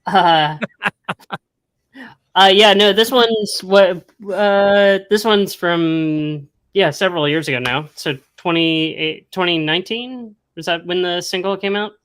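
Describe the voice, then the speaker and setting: A male band singer chatting casually on a podcast, relaxed and quick to poke fun at himself. His voice is bright and forward, smooth and clear, and sits somewhat high. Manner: laid-back, self-deprecating. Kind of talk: casual interview chat.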